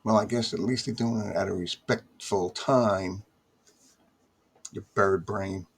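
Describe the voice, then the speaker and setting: A man's voice: on the low side, steady tone, unhurried, breathy edge. A man from the United States talking straight to camera in a casual, exasperated monologue, grumbling and repeating his complaints. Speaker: vlogger. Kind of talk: casual ranting video monologue.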